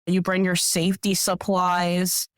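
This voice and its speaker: A woman guest on a podcast telling stories in a casual, animated way, acting out what people said. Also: on the low side, measured pace, dry recording. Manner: animated, acts out quoted voices. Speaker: podcast guest, professional hiker. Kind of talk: casual storytelling.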